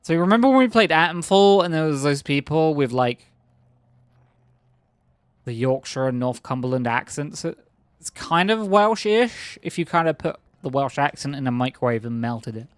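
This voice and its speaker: A man's voice: on the high side, animated, normal speed, smooth, no echo. A man streaming a video game, joking casually with friends on voice chat. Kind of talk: casual gaming livestream chat.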